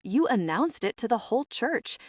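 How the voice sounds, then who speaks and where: A woman's voice: fairly high pitch, big pitch swings, moderate pace, dry recording, clean studio sound, voice pushed up. A woman reading an audiobook, voicing a smug, sadistic middle-aged man who drawls in a mocking, falsely friendly way.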